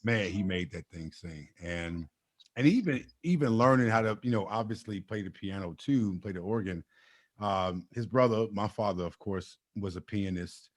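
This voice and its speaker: A man's voice: lowish voice, moderate pace. A man hosting a podcast, telling family stories in casual conversation and slipping into imitations. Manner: animated storytelling, imitates voices. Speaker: podcast host.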